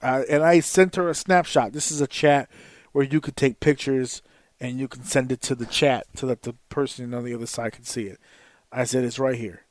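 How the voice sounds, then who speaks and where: A man's voice: mid-range voice, fairly even intonation, normal speed, dry recording. A man in his thirties hosting a podcast, telling a profane, exasperated story in a casual rant. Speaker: podcast host. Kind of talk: casual ranting monologue.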